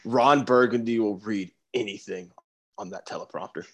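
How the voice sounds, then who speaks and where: A young man with a fairly low voice co-hosting a casual podcast. He talks in an easygoing way and laughs readily. His delivery stays relaxed and unhurried. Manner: laid-back, laughs often. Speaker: podcast co-host. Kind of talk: casual chat.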